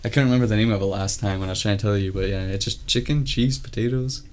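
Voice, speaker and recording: A man's voice: on the low side, quick pace, darkish tone, slight background noise. A man hosting a podcast in casual chat, loose and laughing often, swearing casually. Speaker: podcast host.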